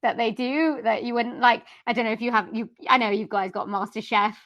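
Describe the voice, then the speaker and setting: A woman's voice: fairly high pitch, steady tone, fairly quick, a bit bright. A woman with a Welsh accent, a voiceover artist from South Wales, chatting casually as a podcast guest with lots of ums and likes.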